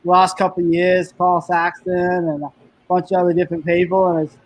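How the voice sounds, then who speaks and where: A man's voice: high-pitched, level tone, fast talker, poor audio. A man with an Australian accent chatting casually as a podcast guest, laid-back and upbeat, with surfer slang. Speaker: podcast guest, backcountry snowmobiler. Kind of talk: casual chat.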